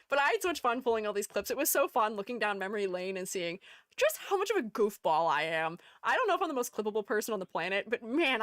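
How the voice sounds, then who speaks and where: A woman streamer chatting casually with her live audience, giggling often and playfully animated. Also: fairly high pitch, no echo, clean studio sound. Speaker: streamer and art educator.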